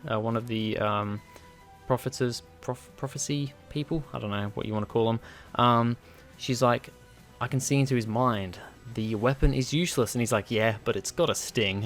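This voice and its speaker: A man casually reviewing a TV episode in an enthusiastic, rambling, chatty way. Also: mid-range voice.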